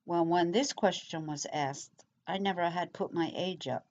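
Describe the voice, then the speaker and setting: A middle-aged woman talks through viewers' comments in a slow, rambling, casual way, pausing often and leaning on fillers. Her voice sits a little low for a woman. The recording sounds slightly dull and lo-fi. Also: darkish tone. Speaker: YouTuber answering comments. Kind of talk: casual chat.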